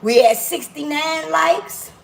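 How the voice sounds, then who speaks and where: A woman's voice: sits high, slow, vocal fry, a little hiss or hum, low-quality recording. A woman hosting a casual cooking livestream from her home kitchen, playful and teasing her viewers as she talks into her phone. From Miami. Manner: playful, teasing viewers, drawling African American Vernacular speech.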